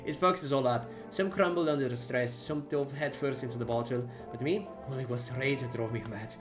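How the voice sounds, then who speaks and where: A man's voice: medium pitch, brisk, over music, lightly acted. A man voicing an angry, bitter bar patron in a vague made-up accent with rolled R's.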